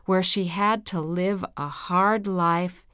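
Woman storyteller for a fairy tale, unhurried and deliberate, dry close mic. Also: lowish voice, fairly even intonation, a bit bright, no room sound. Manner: slow, clear, deliberate. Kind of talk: reading a fairy tale aloud.

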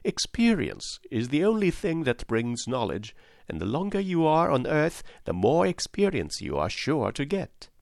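Casting: a man playing a meek old fraud wizard, gravelly, lively lilt, storybook reading. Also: a little high, a little slow, no room sound, clean studio sound, pitched above the performer's own voice, heavily acted. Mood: reassuring. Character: humble old humbug wizard, gentle and apologetic.

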